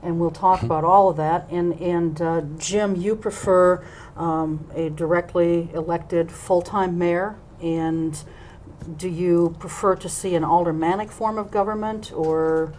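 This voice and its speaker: Woman talk-show host, slightly low voice, chatty, filler-heavy, faint hiss. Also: fairly even intonation, a little slow, a little mellow, rough recording. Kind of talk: local TV interview.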